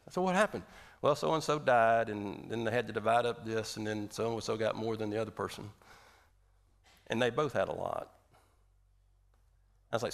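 Gravelly man preaching a lively sermon. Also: mid-range voice, moderate pace, long pauses. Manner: conversational, animated preaching with rhetorical questions. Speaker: pastor.

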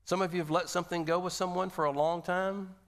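A male pastor giving a sermon in a conversational, animated way, asking the audience rhetorical questions. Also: high-pitched, fast.

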